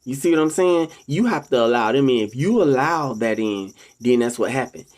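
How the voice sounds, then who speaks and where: A casual monologue from a vlogger speaking straight to viewers. The delivery is preachy and sermon-like, with repeated calls to ladies and gentlemen. Quoted voices are acted out higher and louder. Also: animated, moderate pace. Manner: acts out quoted people in a raised voice.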